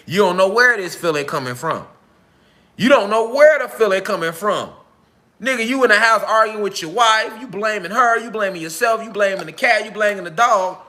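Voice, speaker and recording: A man talks straight to his audience in a casual monologue. His voice sits high and bright. He swears freely and keeps asking whether you hear him. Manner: profane, emphatic, repeats rhetorical questions. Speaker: online talk host.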